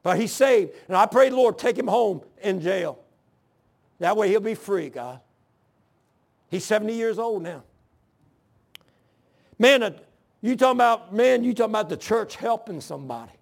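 A man in his sixties preaching a sermon in church, mixing scripture with personal testimony in a folksy, earnest storytelling way with rough grammar. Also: sits high, lively intonation, normal speed, long pauses.

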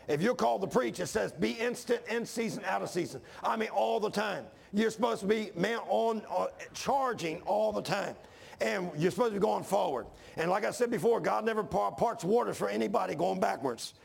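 A man's voice: sits high, gravelly, husky. A man preaching a sermon in a folksy style, building to fervent intensity.

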